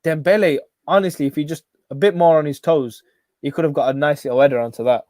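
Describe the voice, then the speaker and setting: A man hosting a live football watch-along, excitable and shouting at every chance. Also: fairly high pitch, fast talker, no echo, studio quality.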